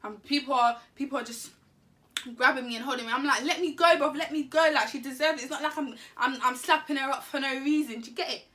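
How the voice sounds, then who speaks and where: A woman tells a story in an animated, slangy way and laughs often. Her voice is bright and fairly high. She sits a little back from the mic. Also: fast, distant mic. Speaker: vlogger. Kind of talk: casual storytime.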